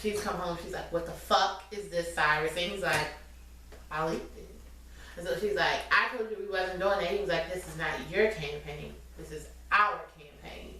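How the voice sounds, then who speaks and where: A woman's voice: on the low side, sharp tone. A woman in casual chat, retelling a TV episode bluntly with quoted lines. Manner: fast, blunt, swearing, acting out quotes. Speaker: podcast co-host. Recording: echoey room, far from the mic, faint noise.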